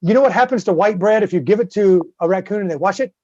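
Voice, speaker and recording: A man with a Southern US accent, swearing freely as he tells an animated story in casual podcast chat. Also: high voice, fast, no echo. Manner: profane, animated storyteller with many "right?" tags. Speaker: guest co-host. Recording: slightly dull lo-fi dry sound.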